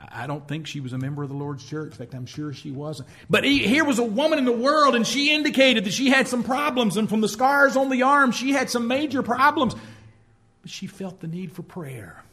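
Bright, high-voiced man preaching a sermon. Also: animated, brisk. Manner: storytelling preacher who acts out quoted speech. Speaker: pastor.

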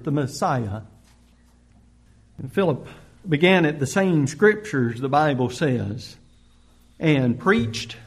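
A man preaching a sermon, earnest and emphatic, rising on questions and slowing to stress key phrases. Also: high-pitched.

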